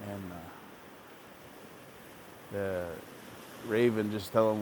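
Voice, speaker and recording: A man, a language teacher, telling a traditional story in a relaxed, repetitive oral style. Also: medium pitch, measured pace, a little hiss or hum. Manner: relaxed, repetitive, plain-spoken.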